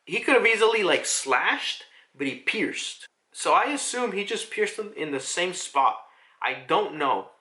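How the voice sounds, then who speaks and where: A man casually reviewing a manga chapter, rambling, excitable and profane. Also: high-pitched, unhurried.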